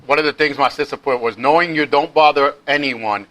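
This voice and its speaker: Emphatic, bright-voiced man in chat. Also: fairly high pitch, a little fast, rough recording. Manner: emphatic, acts out what others say. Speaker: podcast co-host. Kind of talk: casual chat.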